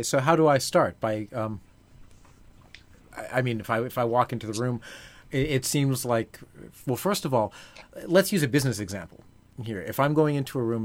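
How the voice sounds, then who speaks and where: A man hosting an interview, asking long questions that he reworks and restarts as he goes. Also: medium pitch. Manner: rambling, self-correcting questions. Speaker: podcast host.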